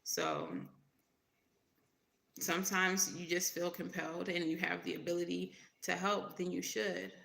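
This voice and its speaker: Woman, tarot reader, casual livestream talk, gravelly, roomy echo. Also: lowish voice, expressive, measured pace, fairly bright tone. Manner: emphatic, repeats points, laughs often.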